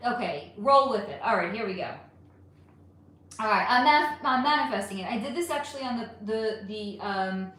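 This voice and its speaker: A woman's voice: medium pitch, animated, normal speed, fairly bright tone. A woman hosting a casual live stream, reading chat questions aloud and answering them frankly, with some swearing. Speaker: livestream host reading chat. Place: home room. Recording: roomy echo with faint ambient noise.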